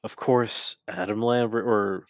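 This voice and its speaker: A man co-hosting a podcast, casually recapping a wrestling show and mocking the wrestlers' lines in quick asides. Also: lowish voice, fairly even intonation, dry recording. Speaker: podcast co-host.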